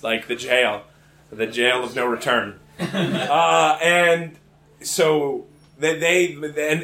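A young stand-up comedian from Richmond, Virginia tells a story at a live comedy venue, rambling with many restarts and laughing at his own jokes. His voice is fairly high and fairly bright, and the room is echoey.

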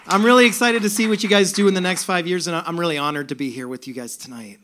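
A man's voice: sits high, fast, a bit bright, slight background noise. A man telling a comic story on a live stage, sardonic, with bursts of mock outrage. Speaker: storyteller performer. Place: stage before a laughing audience.

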